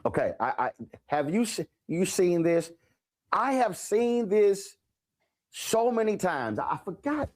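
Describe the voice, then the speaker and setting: A man hosting a talk show and interviewing an author, telling stories with lively repetition for emphasis. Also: high-pitched, slow. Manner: animated storyteller, repeats phrases for emphasis.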